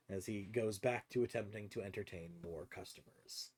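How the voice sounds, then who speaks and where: A man's voice: lowish voice, normal speed, hardly any pauses, husky. A man narrating a tabletop game as game master, laughing often as he talks. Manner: giggly, animated, laughs often.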